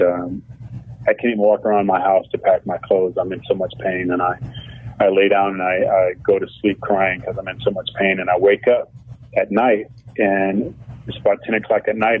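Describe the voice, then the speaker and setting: A man being interviewed as a guest, telling a personal story emotionally, rambling with many fillers. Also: fairly low pitch. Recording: tinny phone-like line, dry.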